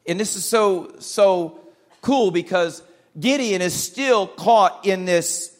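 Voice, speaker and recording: High-voiced man preaching emphatically. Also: takes it slowly. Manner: emphatic preaching with repeated phrases and calls of amen. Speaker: pastor. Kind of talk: sermon.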